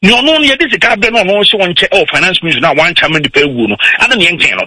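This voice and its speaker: A Ghanaian man defending his side in a heated radio debate, pushing back rapidly and insistently. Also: high voice, animated, pushed and bright, husky. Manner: rapid, insistent, keeps repeating the host's name to get in.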